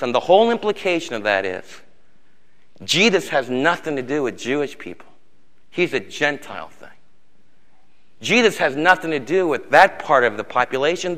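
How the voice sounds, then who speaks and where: A middle-aged male pastor preaching a sermon with passion, dropping to a hush and then rising to loud emphasis, in a church sanctuary. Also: a little high. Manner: impassioned preaching, swinging from hushed to loud. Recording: long reverb of a large hall.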